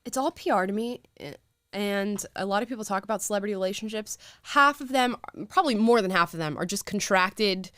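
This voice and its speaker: A young woman hosting a live talk show in a casual, animated way, quick with asides and often laughing. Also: mid-range voice, no echo, clean studio sound. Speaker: show host.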